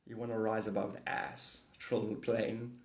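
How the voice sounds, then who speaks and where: A man's voice: lowish voice, level tone, unhurried, roomy sound. Rambling, blunt man on a livestream. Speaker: livestream host. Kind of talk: casual livestream chat with viewers.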